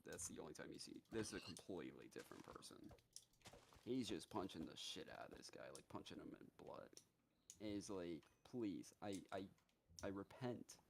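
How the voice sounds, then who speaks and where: A male streamer with a low, gravelly voice retells a story in a casual, profane, animated way. His pitch swings widely as he talks, and faint noise and keyboard clicks sit under him. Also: brisk.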